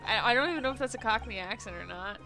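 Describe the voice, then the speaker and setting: Giggly woman streamer with bright voice. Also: a little high, lively intonation, racing. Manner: giggly, scattered. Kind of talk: casual chat while playing a game. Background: game music.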